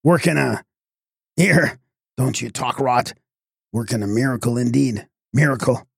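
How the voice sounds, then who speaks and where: A man voicing an irritable, blustering village constable who speaks gruffly and accusingly. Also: medium pitch, a little slow, no room sound, clean studio sound. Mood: scornful. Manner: gruff, accusing, rough speech.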